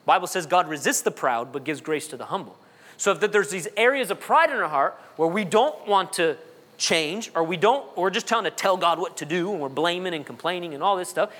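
Bright-voiced preacher man in a hall. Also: on the high side. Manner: jokey, repeats words, reads funny kids' prayers. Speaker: pastor. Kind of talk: sermon.

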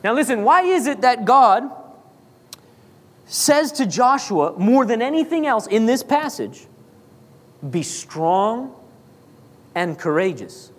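A man's voice: extremely high pitch, big pitch swings, measured pace, fairly bright tone. A man preaching a sermon, driving points home with rhetorical questions and repetition. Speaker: pastor. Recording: long hall reverb.

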